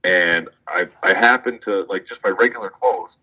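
A man with a very low, deep voice tells a story in a loose, rambling way. He is a wrestler answering an interview question, swearing freely and leaning on "like" as filler. The talk is casual and conversational. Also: moderate pace, bright, forceful tone, husky, rough recording. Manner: rambling, profane, full of fillers like "like". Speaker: professional wrestler guest.

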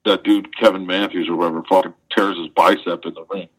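A man with a very low, deep voice tells a story in a loose, rambling way. He is a wrestler answering an interview question, swearing freely and leaning on "like" as filler. The talk is casual and conversational. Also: little pitch movement, fast talker, poor audio. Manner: rambling, profane, full of fillers like "like". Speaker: professional wrestler guest.

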